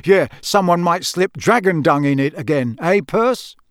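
A man's voice: sits high, expressive, measured pace, clear, resonant tone, no room sound, voice pushed up. A mischievous teenage prankster needling his brother, as a male reader puts him on. Raised and teasing, close and dry.

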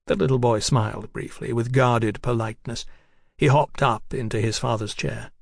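A man reading a novel aloud at a steady, measured pace, his voice in the middle of the male range. The recording is close and completely dry, with no room sound. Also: mid-range voice, vocal fry, no echo. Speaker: audiobook narrator. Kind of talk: scripted narration.

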